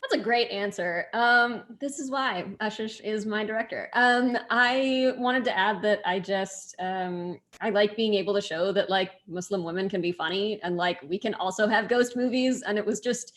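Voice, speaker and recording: A woman's voice: mid-range voice, normal speed, few pauses, a bit bright. A woman on a video call film panel, casual, upbeat and a little playful. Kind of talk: panel answer.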